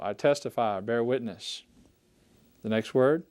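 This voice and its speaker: A middle-aged man teaching a recorded Greek lesson, pronouncing vocabulary slowly and repeating each word, then explaining at an unhurried pace with many fillers. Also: lowish voice, darkish tone. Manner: slow, deliberate pronunciation drills with repeated words.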